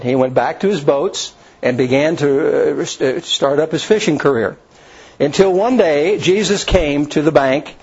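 Male preacher, husky, retelling scripture casually with asides, muffled lo-fi recording. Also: a little high, darkish tone. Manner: retells scripture in his own words, with restarts and asides. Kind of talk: informal sermon storytelling. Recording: dull lo-fi recording.

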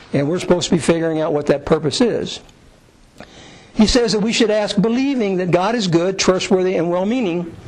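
A middle-aged man preaching a sermon in a conversational way, acting out quoted prayers in a raised voice. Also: low-quality recording. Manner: conversational, acts out quoted prayers with rising pitch. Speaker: pastor.

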